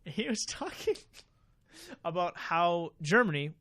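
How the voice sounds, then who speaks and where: Young male co-host, chatty, laughs often, raised pitch, dry close studio mic. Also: sing-song, unhurried, pushed and bright, no room sound. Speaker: podcast co-host. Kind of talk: casual chat. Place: small studio. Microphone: desk mic.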